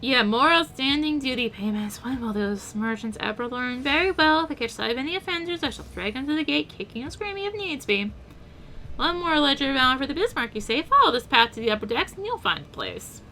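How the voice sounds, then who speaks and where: A woman's voice: sits high, very animated, fairly quick, pushed and bright, a little hiss or hum, full character voice, rough recording. A woman reading a stern, formal port official.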